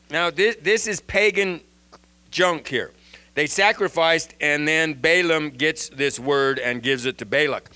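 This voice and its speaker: A man giving an informal Bible lesson in an animated way, often restarting and repeating words. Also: medium pitch. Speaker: Bible teacher.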